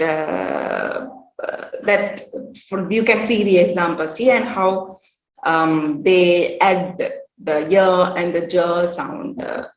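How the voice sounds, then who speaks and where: Lady giving a conference talk, medium pitch, says each example word twice, echoey room. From South India. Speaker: workshop presenter. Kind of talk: conference presentation. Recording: roomy echo.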